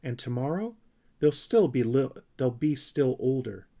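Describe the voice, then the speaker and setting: A man voicing a kindly, brisk old woman shopkeeper who chirps at children, in a storybook reading. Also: mid-range voice, animated. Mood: chirpy. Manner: warm, chirpy, addresses children as dears.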